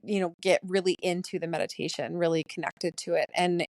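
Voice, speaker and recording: Fast-talking excitable woman podcaster. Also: on the low side, dry recording. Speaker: podcast host. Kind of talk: casual solo podcast talk.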